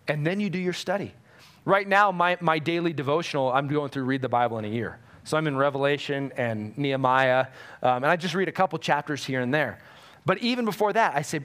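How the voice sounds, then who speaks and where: A man preaching a sermon in an easy, conversational way, and he bursts into lively acted-out quotes as he tells stories. His voice sits somewhat high for a man. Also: brisk. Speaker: pastor.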